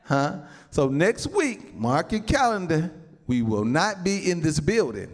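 A man's voice: a little high, big pitch swings, a little slow. A male pastor preaching a sermon to his congregation, peppering his talk with amens and calling out to the saints. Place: church building with a congregation.

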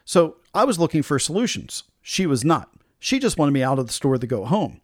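A middle-aged man with a slightly higher voice hosts his own talk show, recounting a bad customer-service run-in. He tells it animatedly, with plenty of exasperation. The recording is close and dry, with almost no room sound. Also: fairly quick, no echo. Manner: animated, frustrated storytelling with acted-out quotes. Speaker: podcast host. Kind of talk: solo storytelling commentary.

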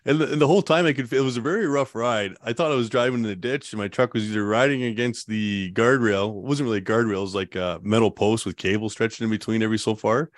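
Male interview guest, low-ish voice, easygoing and chatty, recorded dry and close. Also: fast, hardly any pauses, no echo. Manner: relaxed, rambling, laughs often, many fillers. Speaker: guest telling a survival story. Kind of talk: casual storytelling interview.

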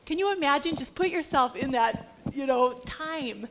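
High-voiced woman giving a dramatic Bible lecture. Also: lively intonation, normal speed. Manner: dramatic, shifts between loud exclaiming and hushed whispers. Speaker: Bible teacher. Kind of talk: animated lecture.

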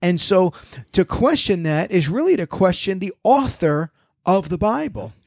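A man's voice: sits high, measured pace, creaky, dry recording. A man who is a pastor telling personal stories in a conversational panel discussion, acting out both sides of the exchanges he recounts. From United States. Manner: storytelling, animated, quoting exchanges.

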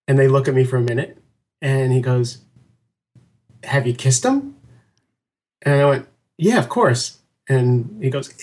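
A middle-aged man speaks as a guest in a casual interview, with a voice of ordinary pitch. He tells his story with animation, chuckling often and slipping into other people's voices as he quotes them. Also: measured pace, pauses often. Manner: animated, laughing storyteller who acts out quotes. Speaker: podcast guest.

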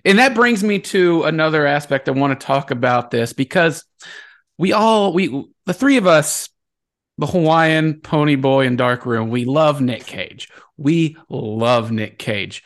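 A man hosting a film podcast, loose and chatty, steering the conversation with questions. His voice sits a little higher than most men's. He keeps the tone casual throughout. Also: lively intonation, measured pace. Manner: leads the talk, asks questions, loose and chatty. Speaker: podcast host.

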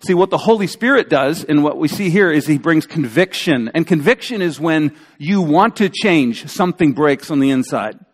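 A man preaching a sermon as a pastor, in a conversational, animated storytelling way with acted-out quotes. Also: on the high side, normal speed, hardly any pauses. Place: church sanctuary. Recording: church hall reverb.

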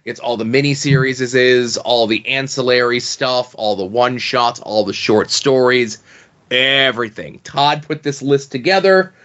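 A man hosting a podcast in casual chat, steady and relaxed as he hands things over. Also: mid-range voice, measured pace, dull audio. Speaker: podcast host.

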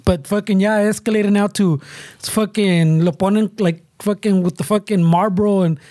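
A man's voice: sits high, steady tone, normal speed, mellow, dry recording. Profane rambling man. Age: adult parent. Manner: profane rambling storytelling mixing English and Spanish. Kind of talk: casual chat.

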